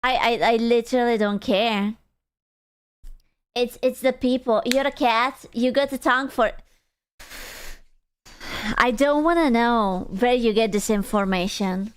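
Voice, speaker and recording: Woman streamer, high and smooth voice, unhurried, blunt and teasing. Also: fairly even intonation. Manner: blunt, self-deprecating, teasing. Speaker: streamer reacting to clips. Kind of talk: casual chat.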